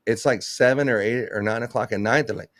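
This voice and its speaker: A man's voice: mid-range voice, fairly quick, fairly bright tone, dry recording. A man who runs a Christmas lights business, talking bluntly in a casual live chat, swearing and laughing often.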